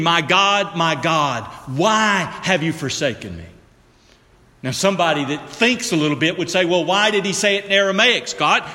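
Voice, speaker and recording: A pastor preaching a slow, emphatic sermon, talking directly to the congregation and dropping to a low hushed voice for weight. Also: male voice, big-room sound.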